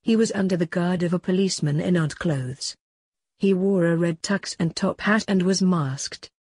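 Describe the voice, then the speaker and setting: A woman narrating a story aloud in a plain, even storytelling delivery. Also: on the low side, moderate pace, slightly rough, no echo.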